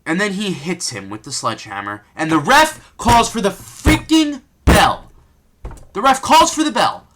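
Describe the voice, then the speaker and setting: Animated, bright-voiced man ranting. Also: high voice, a little slow, a little hiss or hum. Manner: exasperated, ranting, rhetorical questions. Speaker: wrestling commentator vlogger. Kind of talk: unscripted rant.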